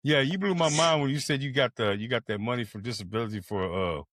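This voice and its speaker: A man's voice: mid-range voice, fairly even intonation, fast talker, a bit bright, no echo, studio quality. Joking, profane older man. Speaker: podcast co-host. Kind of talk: casual chat. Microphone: video call.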